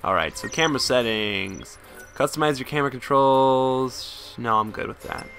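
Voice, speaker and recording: A young man giving casual, excitable let's-play commentary, often incredulous and swearing. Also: mid-range voice, normal speed, gravelly, soft background music. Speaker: gameplay commentator.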